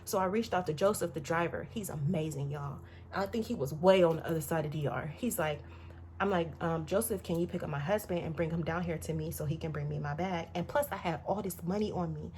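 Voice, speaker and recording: A young woman vlogging, chatting to her viewers in a slightly low voice. She tells her story animatedly and jumps into quoted voices. Faint noise sits under the recording. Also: brisk, darkish tone.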